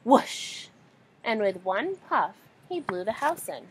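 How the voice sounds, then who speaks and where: A woman reading a children's story aloud in an animated, expressive way. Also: medium pitch, moderate pace, slight background noise, poor audio. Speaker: storybook reader.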